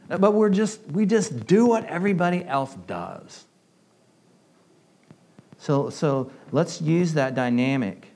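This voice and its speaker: A pastor with a slight southern US accent preaching a conversational sermon, often repeating words and asking the congregation questions. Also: male voice, fairly high pitch, expressive, slow pace, pauses often, darkish tone.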